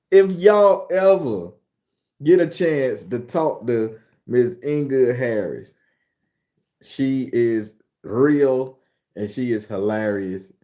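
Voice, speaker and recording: A man from Florida, hosting a casual live chat and telling stories in a profane, animated way. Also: mid-range voice, slow pace. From southern Florida. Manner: profane, animated storyteller reading out viewer comments. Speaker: host.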